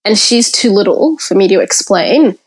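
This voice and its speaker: A woman's voice: medium pitch, animated, normal speed, slightly rough, low-quality recording. A woman, a podcast guest frankly recounting her childhood in the present tense. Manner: candid, frank, tells the story in present tense. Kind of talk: personal storytelling in conversation.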